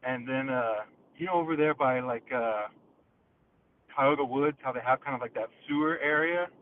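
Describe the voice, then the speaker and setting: A man calling in from his car, telling a story in an excitable, profane way over the phone. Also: mid-range voice, normal speed, a little hiss or hum. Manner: profane, excitable, acts out quotes. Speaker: caller. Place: in a car, driving. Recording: tinny phone line.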